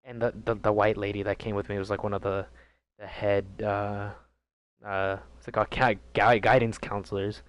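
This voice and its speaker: A man's voice: lowish voice, little pitch movement, normal speed, smooth. A young man in a casual storytime vlog, rambling and profane, with many fillers and restarts. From DC, Maryland and Virginia area. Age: young adult. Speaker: gaming vlogger.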